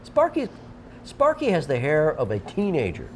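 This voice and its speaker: A man's voice: a little high, wildly swooping pitch, moderate pace, a little mellow, a little hiss or hum. A man hosting a local TV talk show, joking and rambling with frequent restarts. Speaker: TV show host. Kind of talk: casual studio banter.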